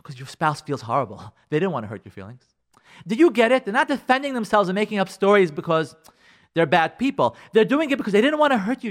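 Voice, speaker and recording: A man on talk radio preaches marriage advice straight to his listeners, hammering points with repeated phrases. His voice sits a little high and swoops up and down with animated energy. He slips into little acted-out lines of what a spouse might say.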